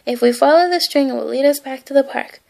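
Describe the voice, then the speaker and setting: A woman's voice: high voice, quick pace, creaky, a little mellow. A woman voicing a lazy, greedy, sarcastic male cartoon cat while reading a storybook aloud, grumbling in a dry tone. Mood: relieved.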